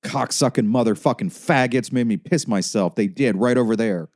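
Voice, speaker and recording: A man's voice: medium pitch, normal speed, a little mellow, pitched above the performer's own voice, lightly acted. A man voicing a crazed, stoned woman patient who screams profanity in a psychiatric ward. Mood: raging.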